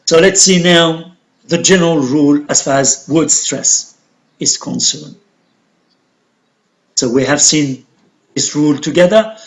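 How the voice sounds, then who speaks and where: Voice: mid-range voice, low-quality recording. An English teacher with an Algerian accent, giving a recorded lesson and explaining step by step, asking questions and answering them.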